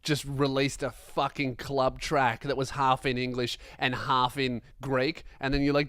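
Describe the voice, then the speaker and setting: A young man hosting a comedy podcast, ranting in an animated, profane, self-mocking monologue. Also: mid-range voice, moderate pace, few pauses, smooth, dry recording, studio quality.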